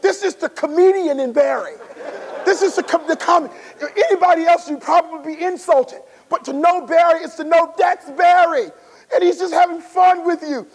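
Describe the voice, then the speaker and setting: A man in his forties with a very high voice delivers a motivational talk at a conference. He tells stories with animation and often acts out the scenes. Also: moderate pace, long reverb tail. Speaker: motivational speaker. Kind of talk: motivational speech storytelling. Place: resort conference room.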